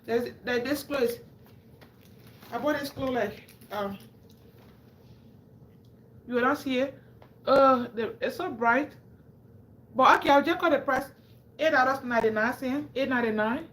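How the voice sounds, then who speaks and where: A woman's voice: high-pitched, a little slow, pauses often, a bit bright. A woman from Africa with an African English accent, chatting casually and talking straight to her viewers on a live stream. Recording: echoey room, faint ambience.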